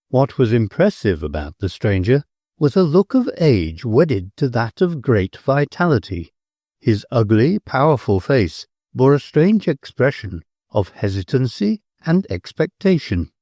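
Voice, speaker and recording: A man narrating an audiobook with an expressive delivery. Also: medium pitch, no echo, studio quality.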